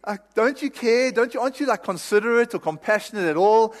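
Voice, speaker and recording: A preacher putting on a whiny indignant prophet. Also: male voice, high-pitched, a little fast, pitched above the performer's own voice, natural voice. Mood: whiny pleading. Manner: pleading, indignant complaining. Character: exasperated whining prophet, adult man. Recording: reverberant hall.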